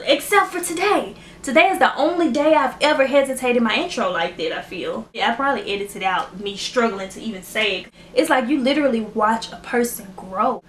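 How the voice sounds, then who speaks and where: A woman's voice: fairly high pitch, fairly bright tone, reverberant, a little hiss or hum. A woman YouTuber, chatting emotionally and gratefully to camera in a casual vlog at home. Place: room at home lit by ring light.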